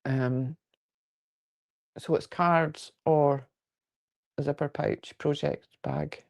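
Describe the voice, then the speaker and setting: Extremely slow and fairly even in intonation, this woman's darkish voice sits low. She has a Fife Scottish accent and hosts a quilting livestream from inside her home, where she rambles, jokes, and frankly answers viewer comments in a casual way.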